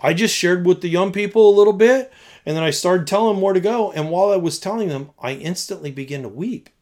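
A man, a youth pastor, tells a story in conversation, acting out his own past lines, swinging between loud bursts and hushed tones. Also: high-pitched, fast.

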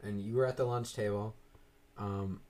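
A man's voice: steady tone, normal speed, dark tone, a little hiss or hum. A young man in casual chat, rambling through stories with lots of swearing and acted-out quotes. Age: young adult. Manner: rambling, swearing, acts out quoted voices with big jumps up in pitch.

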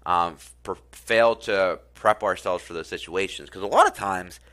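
Bright-voiced earnest man on self-improvement. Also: low voice, normal speed. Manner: earnest, repeats phrases, frequent fillers. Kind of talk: casual spoken talk and storytelling.

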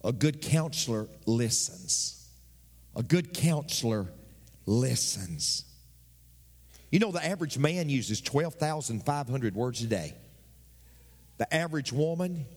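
A male pastor preaching a sermon, his voice climbing high toward near shouts. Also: lively intonation, slow pace, vocal fry, pauses often, breathy edge. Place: church. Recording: long reverb of a church hall.

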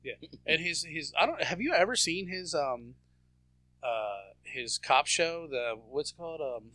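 A man's voice: on the high side, lively intonation, a little slow, pushed and bright, dry recording. A man co-hosting a casual podcast, telling crude, mocking stories. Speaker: podcast co-host. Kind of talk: casual chat.

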